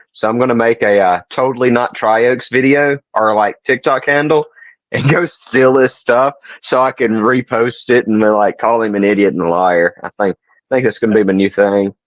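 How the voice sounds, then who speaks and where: A man with a soft Southern accent, co-hosting a podcast in easygoing, casual chat. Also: medium pitch, moderate pace, no room sound, highs cut off. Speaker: podcast co-host.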